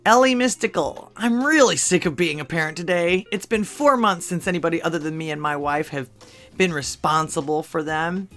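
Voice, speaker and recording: At home in Texas, a channel host reads funny social media posts aloud, adding dry asides between them and chuckling at the jokes. The voice is mid-range and a bit bright at normal speed, with faint music behind.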